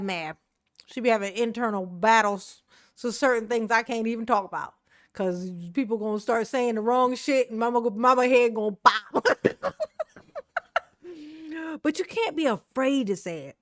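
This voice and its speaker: A woman's voice: a little high, a bit bright, no room sound, clean studio sound. A woman doing brash, laughing, trash-talking commentary on a live stream.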